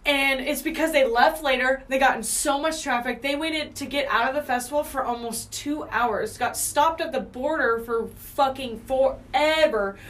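A woman's voice: sits high, normal speed, hardly any pauses, a bit bright, distant mic. A woman in her twenties co-hosting a podcast, telling stories in a laid-back, sweary way. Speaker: podcast co-host. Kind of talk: casual chat.

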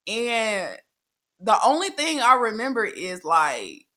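A young woman telling a crude, animated story in casual chat, laughing often. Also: fairly high pitch, slow.

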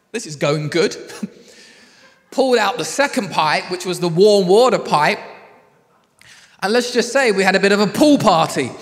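A man's voice: high voice, a bit bright, big-room sound. A male pastor, preaching in a chatty storytelling way and laughing easily. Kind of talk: sermon.

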